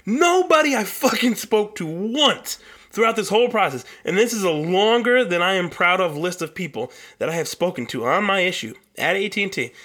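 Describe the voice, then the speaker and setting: A man's voice: sits high, pushed and bright. A young man hosting a solo podcast, telling a long story in a heated, profane rant. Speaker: podcast host.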